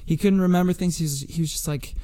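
A man's voice: on the high side, steady tone, fast talker, mellow, no echo. A young man co-hosting a podcast, telling a story in a rambling casual way with repeated words and frequent laughs. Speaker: podcast co-host.

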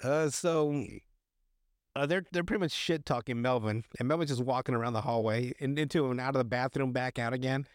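A man's voice: medium pitch, a little fast, no echo, studio quality. A man hosting a podcast, casually recapping a movie in a loose, rambling way, swearing and laughing often. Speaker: podcast host.

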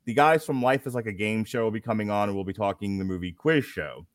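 A man's voice: lowish voice, quick pace, no room sound. A man hosting a casual chat show, joking and laughing often as he runs through the upcoming episodes. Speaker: podcast host.

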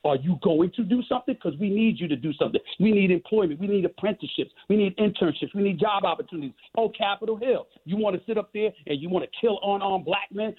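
A middle-aged man with a New York accent, a guest in an interview, talking in a forceful, emphatic and preachy way with lots of repetition. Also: high voice, breathy edge. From Queens, New York. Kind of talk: impassioned interview talk. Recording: tinny phone line.

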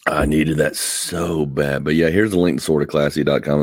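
A man's voice: very deep voice, fairly even intonation, moderate pace, breathy edge, dry recording, studio quality. A tired man hosting a casual podcast, rambling and interrupting himself with wry asides. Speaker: podcast host. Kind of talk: casual chat. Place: Atlanta area.

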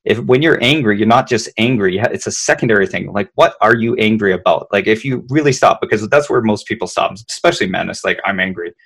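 A man's voice: on the low side, quick pace, creaky, few pauses, fairly bright tone, slightly rough. A man, a leadership consultant, explaining emotions conversationally, often repeating words and checking in with "right?".

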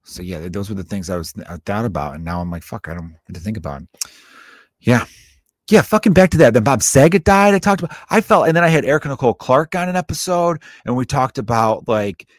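A man's voice: medium pitch, lively intonation, quick pace, dry recording, studio quality. A man in his thirties hosting a podcast, telling stories in a rambling, profane way, often breaking off mid-sentence. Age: 30s. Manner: rambling, profane, self-interrupting. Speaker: podcast host. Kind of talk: casual storytelling monologue.

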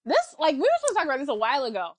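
A woman co-hosting a casual chat podcast, talking in an animated, ranting way with lots of fillers. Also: high voice, rapid-fire, slight background noise, poor audio. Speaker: podcast co-host.

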